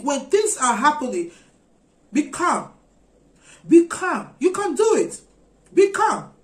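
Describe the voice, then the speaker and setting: A woman preaching a sermon, urging her listeners with earnest, repeated exhortations. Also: sits high. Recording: echoey room.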